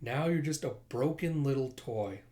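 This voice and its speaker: A man reading aloud as a cruel female witch queen villain, slow and contemptuous. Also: medium pitch, warm tone, natural voice. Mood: cold, scornful. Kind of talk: comic book read-aloud.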